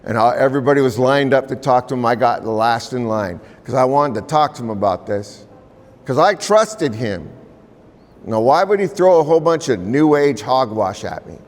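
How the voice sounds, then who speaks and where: A man from the Pacific Northwest telling a story to a live audience in an unhurried, conversational way, with repeated names and pauses. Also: medium pitch, animated. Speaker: storyteller and violinist. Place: large museum hall. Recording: long reverb in a large hall.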